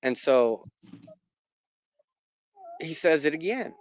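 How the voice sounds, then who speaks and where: A man's voice: mid-range voice, normal speed, very noisy. A man telling a personal story about his dogs in a casual, rambling way, with lots of fillers and restarts. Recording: muffled dry recording.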